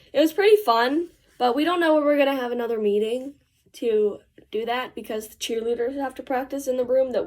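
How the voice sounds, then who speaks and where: A teenage girl telling a rambling story in a casual, chatty way while she does her makeup, with slangy asides. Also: on the high side. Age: teens. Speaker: vlogger.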